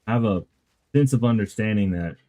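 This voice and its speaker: A man with a low, warm voice chatting casually on a stream. He talks earnestly and reflectively. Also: a little fast. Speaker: guest in chat. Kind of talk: casual chat.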